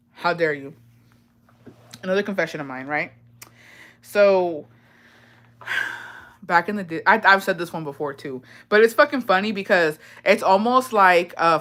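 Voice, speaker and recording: A woman's voice: on the low side, fairly bright tone. A young woman vlogger telling embarrassing childhood confessions in casual, profane slang, often breaking into laughter.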